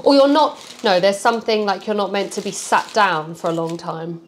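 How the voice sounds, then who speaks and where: A woman's voice: mid-range voice, normal speed, a little hiss or hum. A young woman hosting a casual eating video with her husband, chatting and laughing between bites. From United Kingdom. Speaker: YouTube host. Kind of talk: casual chat while eating.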